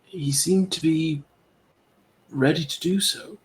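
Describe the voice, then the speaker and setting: A man playing a tabletop game who speaks in character in a polite, formal, and measured way. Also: fairly high pitch, low-quality recording. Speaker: player. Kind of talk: in-character role-play.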